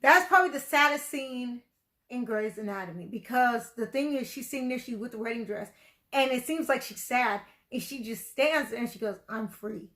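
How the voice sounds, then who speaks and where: A woman's voice: on the high side, moderate pace, fairly bright tone. A woman giving casual reaction commentary on a TV episode, rambling and chatty, full of "like" and "you know". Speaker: video reactor.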